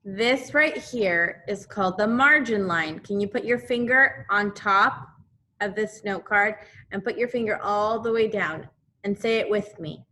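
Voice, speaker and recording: Slow, bright-voiced woman teaching young children. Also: mid-range voice, slight background noise. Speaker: second grade teacher. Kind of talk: remote class lesson.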